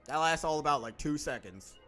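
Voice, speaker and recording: A young man doing game commentary, excitable and exasperated, reading along with the scenes. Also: a little high, brisk, soft background music. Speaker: video game let's player.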